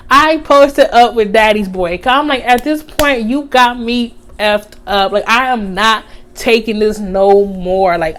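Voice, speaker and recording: A young woman vlogger casually telling a story in slangy speech, acting out the quotes with animated energy. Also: a little high. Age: young adult.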